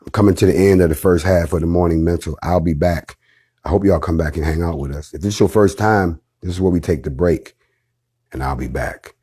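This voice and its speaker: A man's voice: low voice, fairly quick, mellow, breathy edge. A middle-aged man leading an organization, talking to his followers in a casual, emphatic livestream with blunt slang and profanity. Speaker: organization leader addressing followers.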